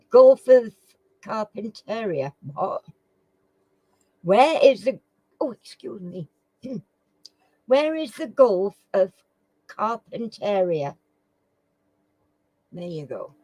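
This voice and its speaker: A woman's voice: medium pitch, mellow, dry recording, low-quality recording. A woman hosts a casual live quiz. She reads questions aloud, stumbles over words, and chats with viewers by name. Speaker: live stream quiz host.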